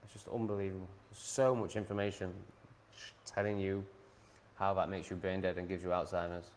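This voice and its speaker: Sardonic lower-voiced Englishman ranting. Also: flat delivery, normal speed, a little hiss or hum. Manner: sardonic, blunt, swears freely. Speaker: vlogger. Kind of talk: casual ranting monologue.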